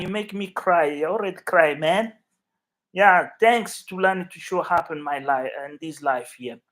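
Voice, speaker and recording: A man from Africa hosting a casual live chat from his flat, rambling and emotional as he talks to viewers by name. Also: high-pitched. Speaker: YouTube livestream host.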